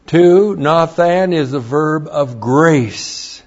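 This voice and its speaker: A man teaching scripture verse by verse, deliberate and careful, spelling out Hebrew words letter by letter. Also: fairly high pitch. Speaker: Bible teacher. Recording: dull lo-fi recording.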